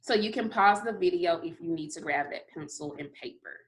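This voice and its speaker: A woman teaching a recorded phonics lesson to kindergarteners, sounding out letters and praising often. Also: lowish voice. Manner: slow, encouraging, sounds out letters.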